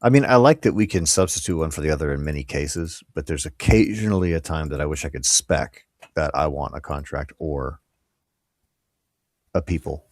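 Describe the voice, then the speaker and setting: A man streaming his programming work, chatting casually and breaking into animated, laughing anecdotes. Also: a bass voice, moderate pace, no echo, studio quality. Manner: animated storyteller, mimics voices and laughs often. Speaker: programmer livestreaming code work. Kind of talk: casual chat while coding.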